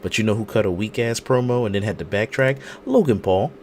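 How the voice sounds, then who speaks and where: A man's voice: fairly low pitch, a little fast, slight background noise. A man co-hosting a podcast, running through the news with dry jokes. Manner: dry, joking news rundown. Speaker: podcast co-host. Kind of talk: casual chat.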